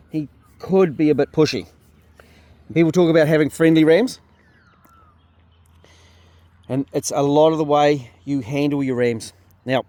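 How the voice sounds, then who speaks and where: A slightly high, mellow male voice with no room sound belongs to a New Zealand sheep farmer. Hosting a casual outdoor farm vlog from a paddock, he explains things and speaks to his animals.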